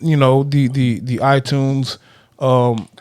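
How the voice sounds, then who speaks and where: A man's voice: medium pitch, level tone, slow, a little mellow, clean tone. A man co-hosting a podcast in casual chat, teasing and joking with the others. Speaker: podcast co-host.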